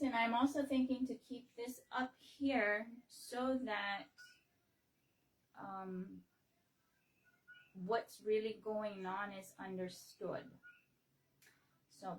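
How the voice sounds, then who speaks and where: A woman from Hawaii talking on a casual livestream, slow and halting, with many fillers and restarts. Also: medium pitch, far from the mic, rough recording. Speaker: livestream host. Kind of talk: casual explanatory livestream talk.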